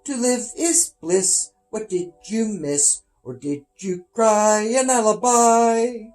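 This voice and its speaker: A man's voice: high-pitched, slow, a little mellow, faint music behind, voice pushed up. A man voicing a group of small factory workers chanting a rhyme. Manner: sing-song chanted rhyme.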